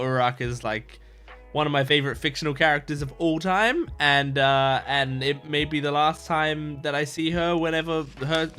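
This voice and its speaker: A man hosting an anime reaction video, talking casually and excitedly with lots of fillers and restarts. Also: mid-range voice. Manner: rambling, full of fillers and restarts.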